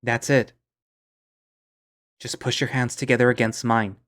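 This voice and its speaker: A man's voice: mid-range voice, flat delivery, a little slow, fairly bright tone, close to an everyday voice. A man doing a soothing, coaxing young friend. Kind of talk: visual novel voice acting.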